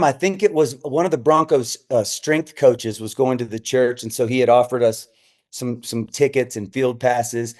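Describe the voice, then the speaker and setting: A middle-aged man, a senior pastor, telling stories as a guest in a casual podcast chat, acting out the voices of people he quotes. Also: medium pitch. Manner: animated, acts out quoted voices.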